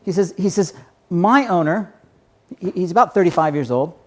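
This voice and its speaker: A man voicing an excitable male dog who tumbles eagerly through his story. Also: sits high, moderate pace.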